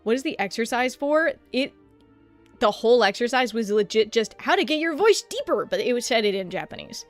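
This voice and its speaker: A woman streamer chatting casually and rambling about practicing a deeper voice, self-deprecating and swearing freely. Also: sing-song, moderate pace, faint music behind. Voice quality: slight lisp-like clicking from a tongue piercing. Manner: experimenting with pitching her voice deeper. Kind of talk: casual livestream chat.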